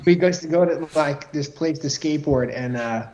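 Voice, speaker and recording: A man with a slightly raised pitch tells a laid-back story as a podcast guest. His voice comes through dull and lo-fi, with faint noise behind it. He chats casually and laughs easily. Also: normal speed, a little mellow. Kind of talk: casual chat. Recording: dull, lo-fi sound.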